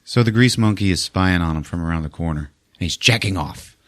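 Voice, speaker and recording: A man's voice: sits low, a little fast, a bit bright. A man hosting a podcast, casually recapping a film, swearing freely, laughing often and acting out the characters. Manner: profane, laughing, acts out scenes in voices. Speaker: podcast host.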